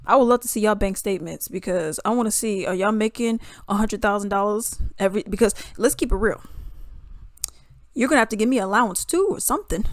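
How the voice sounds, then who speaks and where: A woman giving a casual commentary rant to her viewers. She sounds animated and exasperated and laughs between points. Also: on the high side, a little fast, no room sound. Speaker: commentary vlogger.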